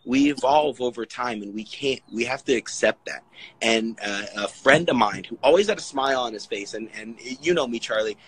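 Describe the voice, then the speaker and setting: This interview features a fitness coach from Italian heritage who rambles and acts out what others said in lively, casual storytelling. He speaks at medium pitch and a moderate pace, slightly rough, and the audio is poor.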